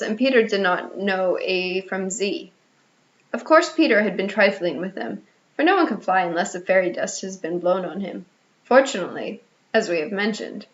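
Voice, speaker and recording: A woman narrating a children's storybook in an expressive reading voice, with small restarts. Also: mid-range voice. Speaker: audiobook reader. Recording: slightly muffled lo-fi audio.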